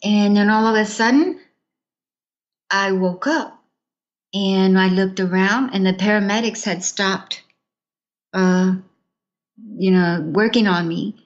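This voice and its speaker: A woman's voice: mid-range voice, slow pace, long pauses, dull audio. A woman giving an earnest personal testimony in an interview, acting out the words of others as she tells it. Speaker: interview guest.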